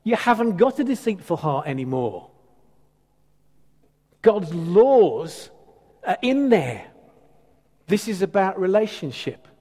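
Man, preacher, fairly high voice, conversational and emphatic, long hall reverb. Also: very animated, slow, pauses often, dark tone. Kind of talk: sermon.

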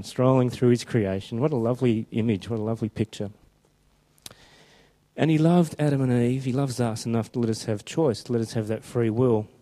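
A man preaching a chatty, informal sermon who slows down when reading scripture aloud. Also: mid-range voice, dark tone. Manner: conversational and chatty, slowing down for scripture quotes.

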